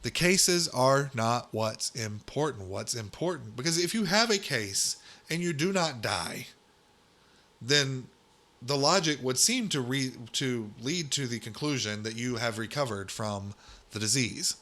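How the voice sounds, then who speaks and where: A man's voice: medium pitch, lively intonation, measured pace, pushed and bright. A man hosting a solo commentary podcast, talking in a sarcastic, exasperated rant that keeps climbing into incredulous outbursts. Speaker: podcast host.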